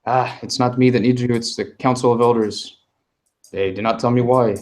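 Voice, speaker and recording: A man's voice: mid-range voice, steady tone, moderate pace, darkish tone, lightly acted. A man voicing a nervous, polite young boy who carries messages around a village. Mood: apprehensive. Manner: polite, hesitant, eager to please.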